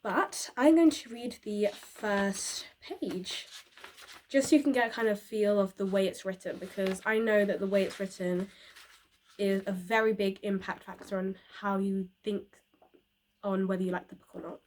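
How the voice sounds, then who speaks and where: A woman's voice: medium pitch, fairly even intonation, moderate pace, a little mellow. A young woman chatting casually about books for her channel, rambling with fillers and little laughs. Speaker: book reviewer. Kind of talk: casual book review vlog.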